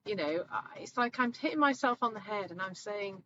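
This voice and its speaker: A woman in her forties, a coach hosting a live talk, telling stories in an animated, chatty way. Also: medium pitch, fairly quick, hardly any pauses, highs cut off, a little hiss or hum. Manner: chatty, animated storytelling, acts out voices. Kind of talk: live online talk answering viewers.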